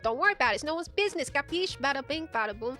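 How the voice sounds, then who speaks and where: A woman's voice: high voice, lively intonation, drawn-out words, faint music behind, heavily acted. A woman voicing a brash male mobster who talks in tough-guy slang about deals. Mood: swaggering. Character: brash male mobster haggling over art.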